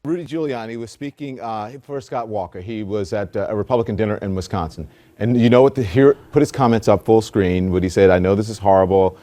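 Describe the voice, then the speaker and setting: A man interviewing a guest on a television news program in a measured, questioning way. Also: lowish voice, dark tone.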